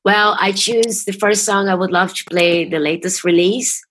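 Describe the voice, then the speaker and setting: A woman's voice: medium pitch, fairly even intonation, moderate pace, a bit bright, a little hiss or hum. A woman hosting a casual radio interview over a video call, chatty and leaning on fillers. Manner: chatty, leans on fillers like "basically". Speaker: radio host.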